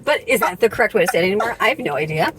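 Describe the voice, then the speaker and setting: Fast-talking, lively mom vlogger. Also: female voice, mid-range voice, a little hiss or hum, poor audio. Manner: chatty, laughs often, quick and lively. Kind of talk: casual family vlog chat. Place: home, then a car. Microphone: camera set on the dashboard.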